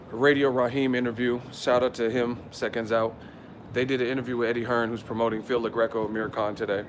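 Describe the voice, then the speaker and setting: A man in a hotel room doing a casual, hyped-up boxing vlog rant, brash and teasing, swearing freely and swinging between loud hype and low muttering. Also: slight background noise. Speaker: boxing commentary vlogger.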